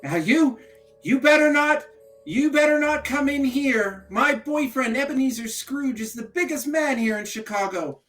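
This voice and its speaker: A man voicing a sharp-eyed young woman who is a gangster's girlfriend, with a sassy, threatening manner. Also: expressive, moderate pace, faint music behind. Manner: sassy, threatening, high put-on voice.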